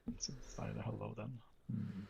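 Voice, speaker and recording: A man playing a tabletop game, hesitant and thinking aloud, with a raspy voice. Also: fairly low pitch, fairly even intonation, normal speed, mellow, slight background noise. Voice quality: gravelly, raspy. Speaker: player. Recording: dull lo-fi mic.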